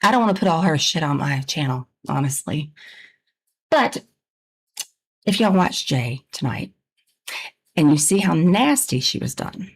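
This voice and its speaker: A woman with a Southern US accent chats on her livestream in a husky, slightly low voice. Her pitch swings widely as she talks. She laughs often and speaks frankly. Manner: laughs often while talking, chatty and frank. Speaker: livestream host. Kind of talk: casual livestream chat.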